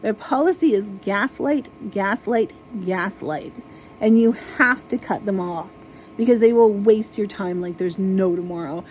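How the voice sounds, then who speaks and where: Mellow-voiced woman ranting, exasperated. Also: mid-range voice, measured pace, slight background noise, poor audio. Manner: exasperated, swears freely. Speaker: vlogger. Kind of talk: casual ranting monologue.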